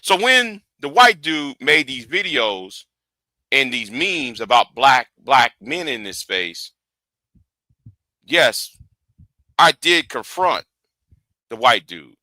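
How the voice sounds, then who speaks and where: A man's voice: medium pitch, very animated, takes it slowly, pauses often, bright, forceful tone, dry recording. A man hosting a livestream rant, lecturing his viewers and often repeating and restarting his phrases. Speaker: livestream host.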